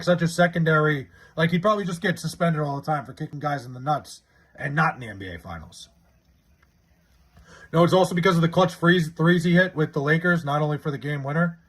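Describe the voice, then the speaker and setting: A man's voice: a little high, brisk, a bit bright. A man streaming live, chatting casually with his viewers, rambling and swearing freely as he argues about sports. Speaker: live streamer reading chat.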